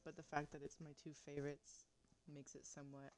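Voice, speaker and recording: A woman's voice: low voice, level tone, brisk, poor audio. Blunt, swearing young woman streamer. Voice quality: blunt, profane, laughs easily. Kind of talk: casual chat while eating on stream.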